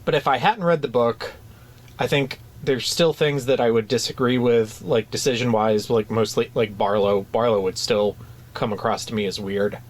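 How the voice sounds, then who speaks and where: A man in casual chat as a podcast co-host, his voice sitting in an ordinary middle pitch. He talks conversationally, stopping and restarting his sentences often, with plenty of fillers. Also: steady tone, moderate pace.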